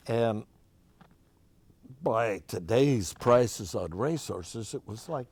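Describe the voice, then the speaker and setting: A man's voice: mid-range voice, animated, slow pace, pauses often, a little mellow, husky, no echo. An older man from Oregon, a musician as interview guest, telling long folksy anecdotes in a chatty way with frequent restarts. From Oregon, USA. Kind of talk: casual storytelling.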